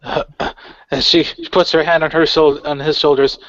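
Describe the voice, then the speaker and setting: A man playing a tabletop game, slowly describing what his character does. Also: on the high side, level tone, fairly bright tone, dry recording. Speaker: player. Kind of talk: narrating own character's actions. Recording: dry, muffled lo-fi audio.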